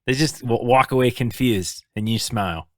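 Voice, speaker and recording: A man's voice: mid-range voice, normal speed, a bit bright, no room sound, clean studio sound. A man joking casually with fishing friends, talking loosely with many asides like "right?".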